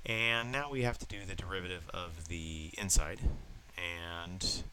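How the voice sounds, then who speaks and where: Deep-voiced man, nasal from a cold. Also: steady tone, unhurried, noisy background. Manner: plain step-by-step explaining with fillers. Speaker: math teacher. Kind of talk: recorded lesson working through problems.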